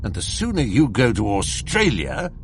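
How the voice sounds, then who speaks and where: A man's voice: mid-range voice, huge pitch swings, normal speed, slight background noise. A man voicing a stern, irritable older employer who scolds his clerk in curt, pompous speech. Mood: angry.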